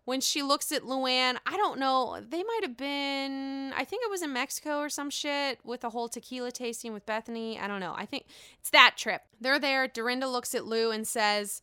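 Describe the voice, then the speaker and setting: A woman chats through her solo podcast in a gossipy, playful way and swears freely. Her voice sits fairly high and sounds bright and crisp. The sound is close and dry, with no room echo. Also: normal speed. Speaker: podcast host. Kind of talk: casual solo podcast recap.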